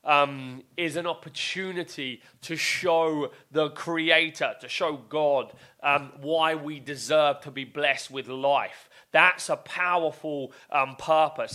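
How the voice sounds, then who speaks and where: A man hosting a podcast, delivering an intense motivational monologue full of swearing and repeated exhortations, swinging between loud outbursts and low, emphatic lines. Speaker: podcast host.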